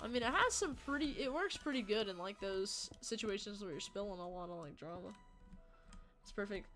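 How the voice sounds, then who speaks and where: A woman's voice: medium pitch, expressive, brisk, fairly bright tone. A young woman livestreaming and chatting casually with her viewers, rambling, joking and swearing freely. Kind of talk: casual chat with stream viewers. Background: faint game music.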